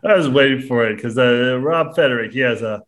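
A man hosting a casual movie podcast, giggly and lively. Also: mid-range voice, brisk. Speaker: podcast host.

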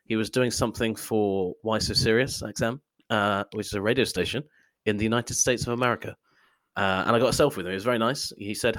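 A man's voice: on the low side, fairly even intonation, quick pace, fairly bright tone, dry recording. A man co-hosting a podcast, telling rambling, jokey stories in casual chat. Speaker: podcast co-host.

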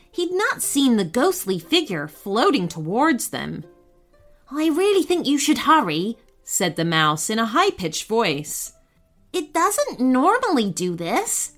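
A woman reads a children's storybook aloud, taking her time and letting her voice rise and fall in lively swings. Soft music runs faintly underneath. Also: medium pitch. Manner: expressive, unhurried. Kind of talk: scripted storybook narration.

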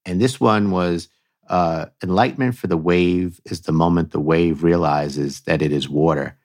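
A man with a very deep voice trades wry, easygoing banter as a podcast co-host. The recording is dry and close, with no room sound. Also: normal speed, darkish tone, dry recording. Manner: wry, conversational, plays the straight man. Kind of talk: casual comedic chat.

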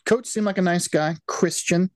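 A man's voice: high voice, normal speed, darkish tone, dry recording. Hesitant man reviewing a movie casually. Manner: hesitant, many fillers and restarts. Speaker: podcast co-host. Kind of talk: casual chat.

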